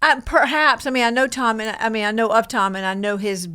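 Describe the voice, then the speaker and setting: Southern woman, fifties, guest comic; modest, soft-spoken, laughs easily. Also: fairly high pitch, fairly even intonation, brisk, clean tone. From Georgia, US. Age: 50s. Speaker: guest comedian. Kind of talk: casual chat.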